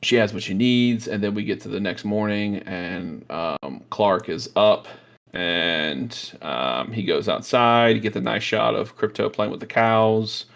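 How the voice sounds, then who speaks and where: A man hosting a casual movie review chat, excitedly retelling scenes with lots of fillers and acted-out quotes. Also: lowish voice, measured pace, gravelly. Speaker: podcast host.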